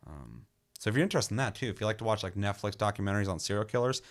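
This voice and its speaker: A man's voice: on the low side, animated, rapid-fire. A man co-hosting a gaming podcast in casual chat, swearing freely and telling stories with energy. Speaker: podcast co-host reviewing games.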